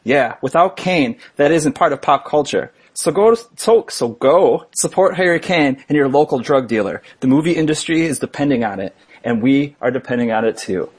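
Man, podcast co-host, wry jokey banter, slightly husky tone, mid pitch. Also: lively intonation. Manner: wry, jokey, halting with fillers. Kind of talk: casual joking chat.

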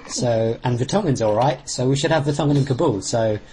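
A man co-hosting a podcast, talking football earnestly, pausing on fillers and sometimes venting. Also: medium pitch, dark tone, a little hiss or hum, low-quality recording. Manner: earnest, rambling, with sudden outbursts. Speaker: podcast co-host. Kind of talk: casual football chat.

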